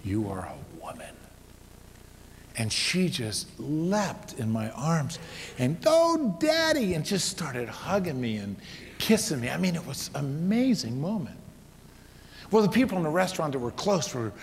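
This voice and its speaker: A man's voice: a little high, sing-song, measured pace, vocal fry. Dramatic male speaker in a reverberant hall. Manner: dramatic, shifting from loud exhortation to hushed tones. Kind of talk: storytelling talk. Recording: reverberant hall with faint noise.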